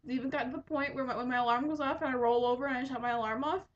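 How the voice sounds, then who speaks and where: This twenty-something podcast host talks at a racing pace in a high-pitched, steady tone, rambling and filling her casual chat with ums. The dull lo-fi home recording has a little hiss or hum.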